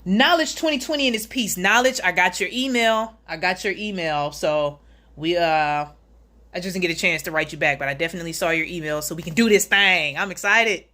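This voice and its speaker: A woman with a somewhat low voice hosts a relaxed livestream chat. She reads viewers' comments aloud and greets them one by one. Her talk is joking and sarcastic, broken up by easy laughter. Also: a little fast. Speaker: livestream host.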